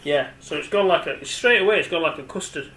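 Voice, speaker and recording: A man's voice: fairly high pitch, a little fast, pushed and bright, echoey room, low-quality recording. A man, rambling chattily as he demonstrates cooking at home and talks to the camera. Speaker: home cook. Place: home kitchen.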